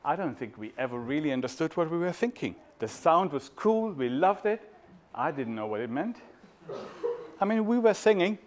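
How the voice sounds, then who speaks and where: A man's voice: on the high side, sing-song, normal speed, slight background noise. A man in his fifties from Germany with a German accent, telling stories in a playful talk to an audience. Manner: playful, warm storyteller, sings snippets. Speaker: speaker at a talk. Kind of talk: storytelling talk.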